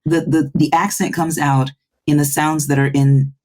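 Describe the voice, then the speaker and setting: A woman audiobook narrator in a casual roundtable chat, speaking in halting bursts with many restarts. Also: low-pitched, little pitch movement, darkish tone. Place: home recording booth.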